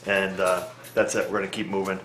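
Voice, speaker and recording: A low-voiced man talking shop as a mechanic, plainspoken and folksy, thinking out loud as he goes. His voice bounces around a roomy, echoey space. He keeps it casual and easy. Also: flat delivery, a little fast, slight background noise. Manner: plainspoken, folksy, talks through reasoning aloud. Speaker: auto repair mechanic. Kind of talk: casual talk to camera. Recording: echoey room.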